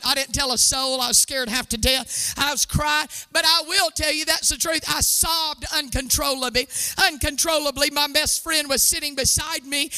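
High bright woman giving her testimony. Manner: animated storytelling, exclaiming and laughing. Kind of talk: testimony sermon. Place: church sanctuary before a live audience.

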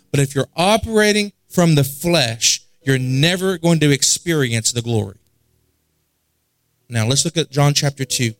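A man's voice: medium pitch, fairly bright tone, no room sound, poor audio. A man preaching a sermon in an earnest way, often repeating words as he searches for his phrasing. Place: church service.

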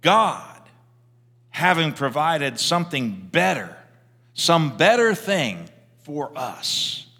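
A male pastor preaches with a lively, swooping delivery and a bright, fairly high voice. He tells his stories loosely and conversationally, often restarting his sentences. The long reverb of a church sanctuary hangs behind him. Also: takes it slowly, slightly rough. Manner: animated, conversational, with frequent restarts. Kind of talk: sermon with storytelling.

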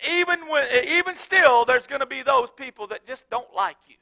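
A man preaching a sermon as pastor, moving from soft, chatty storytelling with repeated restarts to shouted exhortation. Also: very high voice, lively intonation, moderate pace, few pauses.

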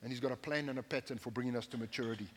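A man's voice: mid-range voice, steady tone, rapid-fire. A man preaching a sermon from the pulpit, speaking emphatically and repeating his key phrases, with joking asides to the congregation. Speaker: pastor. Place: church sanctuary, at the pulpit. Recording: long hall reverb.

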